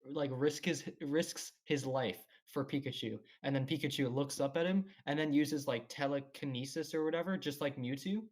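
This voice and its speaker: A young man shares an animated story in a loose podcast conversation, now and then laughing mid-sentence. His voice sits in an ordinary middle register. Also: medium pitch, moderate pace, few pauses. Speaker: podcast co-host. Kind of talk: casual chat.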